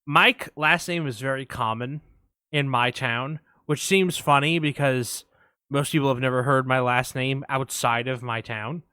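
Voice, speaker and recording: A man co-hosting a casual movie podcast, telling stories in an animated way, swearing often and acting out quotes. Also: mid-range voice, a little slow, smooth, dry recording, clean studio sound. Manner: animated storyteller, swears a lot, acts out quotes. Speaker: podcast co-host.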